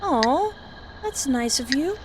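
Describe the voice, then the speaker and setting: Slow and high-pitched, the streamer works through a horror visual novel aloud, dramatizing her reactions and laughing frequently. A constant hiss sits under the recording.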